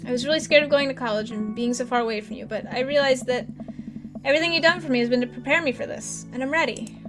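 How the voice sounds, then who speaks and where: A woman voicing a sassy, teasing young daughter in a let's play, a bit louder and wry, with game music behind. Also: high voice, quick pace, natural voice.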